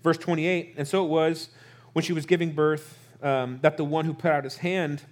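A man's voice: on the high side, normal speed. A man preaching a sermon in a conversational way, acting out the people in the story and asking the audience questions. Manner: animated, acts out quotes in character voices. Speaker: pastor.

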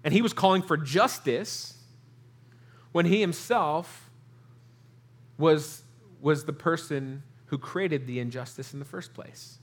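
A man's voice: fairly high pitch, takes it slowly, long pauses, husky. A man preaching a sermon in a conversational way, acting out the people in the story and asking the audience questions. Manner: animated, acts out quotes in character voices. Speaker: pastor.

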